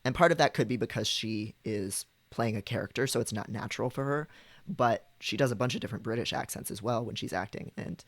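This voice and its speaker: A man's voice: mid-range voice, a little fast, creaky, no echo. A man on a live stream, chatting casually and explaining voice technique, trying out different vocal registers.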